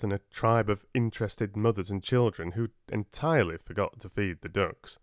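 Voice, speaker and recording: A man calmly narrating a relaxing audiobook for sleep, close to the mic. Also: fairly low pitch, no room sound.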